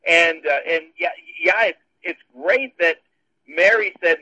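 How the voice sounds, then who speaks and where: A man's voice: a little high, lively intonation, unhurried, bright, forceful tone, dry recording, highs cut off. A man, a pastor, explaining scripture in a casual discussion with wry, dry humor.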